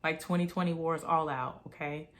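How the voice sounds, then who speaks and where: A woman in her thirties telling a personal story in a chatty, animated vlog style. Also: low voice, a little fast. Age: 30s. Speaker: vlogger.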